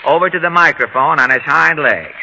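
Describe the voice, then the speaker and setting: A man's voice: fairly high pitch, a little fast, vocal fry, sharp tone, poor audio. A man hosting a 1930s radio variety show, telling jokes in a dry, wry way. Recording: hissy old radio broadcast.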